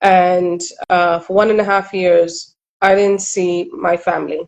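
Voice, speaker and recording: A woman's voice: lowish voice, flat delivery, vocal fry, a little mellow, rough recording. A middle-aged woman from Kenya, a relationship coach, talking candidly and reflectively in an interview. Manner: earnest, reflective, quick asides.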